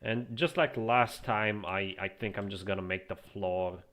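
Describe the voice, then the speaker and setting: A man with a fairly low voice talks through his gameplay at his computer, relaxed and musing aloud. He often restarts his sentences as he thinks. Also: unhurried. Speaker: streamer. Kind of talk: casual gameplay commentary.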